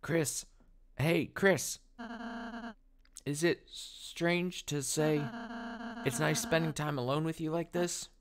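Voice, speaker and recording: A man voicing a gentle, shy young male goat prince who speaks softly and sincerely, with some hesitation. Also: fairly high pitch, steady tone, slow, pauses often, pitched above the performer's own voice. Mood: tender.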